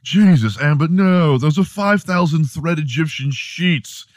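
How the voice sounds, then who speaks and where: A man's voice: fairly high pitch, expressive, measured pace, no echo, studio quality, pitched above the performer's own voice. A man impersonating an exasperated male movie star, speaking in a put-on British lilt with melodramatic whining. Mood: horrified. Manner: whiny, melodramatic.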